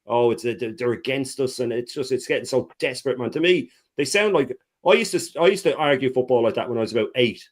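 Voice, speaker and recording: A man's voice: mid-range voice, fast, hardly any pauses. A man on a football panel video call, frustrated and ranting, repeating words as he starts a thought. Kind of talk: casual chat.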